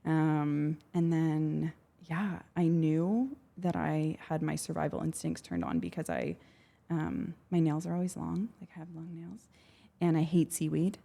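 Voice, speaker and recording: A woman's voice: low voice, unhurried, vocal fry, warm tone. A young woman from Canada, a podcast guest, chattily telling a story with lots of fillers and acted-out voices. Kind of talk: casual storytelling.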